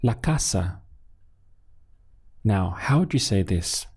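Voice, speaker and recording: Slow, gravelly male Spanish teacher. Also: lowish voice, lively intonation, darkish tone. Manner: slow, patient, pauses for learner answers. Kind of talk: scripted language lesson.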